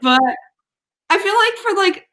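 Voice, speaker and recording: Bright-voiced young woman, chatty guest. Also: extremely high pitch, expressive, a little slow. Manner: chatty, trailing off, unsure. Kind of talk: casual sports talk.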